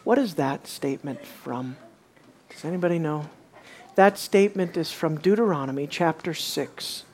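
A woman's voice: fairly low pitch, normal speed, slight background noise. A woman teaching a bible study, asking her listeners questions and acting out the quoted lines. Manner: animated, asks the audience questions, acts out quotes.

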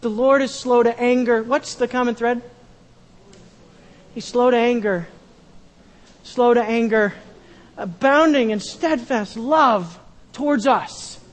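A pastor preaching a sermon, repeating key phrases and swinging from loud emphasis to a hushed tone. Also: male voice, extremely high pitch, slow, long pauses, long reverb tail.

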